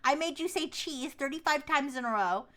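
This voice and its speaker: Brash woman streamer, high-pitched, needles her guests loudly. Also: lively intonation, normal speed. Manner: brash, teasing, loud outbursts. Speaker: VTuber streamer. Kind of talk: livestream chat with AI voices.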